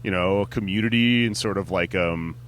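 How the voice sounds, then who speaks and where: A male comedian as an interview guest, talking in a relaxed, rambling way with lots of fillers and frequent laughs. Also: sits low, fairly quick, slight background noise. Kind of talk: casual interview chat. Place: music venue on tour.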